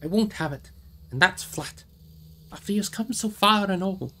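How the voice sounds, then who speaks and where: A stubborn young hobbit servant pleads his case in a high, tight voice, as a man reading the book puts him on. He sounds indignant and loyal, a small figure from a fantasy audiobook pushing back against his elders. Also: fast talker, a bit bright, lightly acted. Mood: upset.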